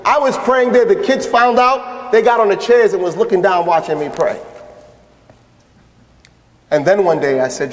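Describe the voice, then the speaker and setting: A man, an imam, telling his story in a lively religious lecture and acting out the voices of people he quotes. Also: high-pitched, normal speed, long pauses. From United States. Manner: animated, acts out quoted voices. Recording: echoey hall with long reverb.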